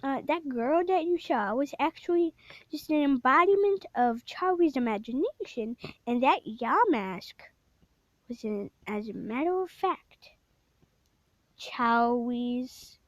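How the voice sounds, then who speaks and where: A woman's voice: high voice, lively intonation, slow, no room sound. A woman casually retelling a spooky game story, rambling with many fillers and self-corrections, sometimes dropping to a whisper. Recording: dull lo-fi dry recording.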